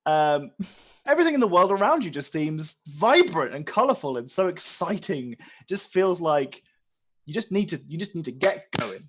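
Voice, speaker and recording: A man's voice: on the high side, big pitch swings, moderate pace. A man narrating as game master, rambling with many fillers and restarts. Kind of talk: narrating a tabletop game session.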